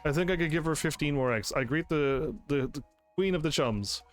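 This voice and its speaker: A man's voice: on the high side, normal speed, no echo, faint music behind. A man streaming a game who chats to his audience, laughs often, and reads the game's narration aloud. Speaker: gaming streamer. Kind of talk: casual game commentary.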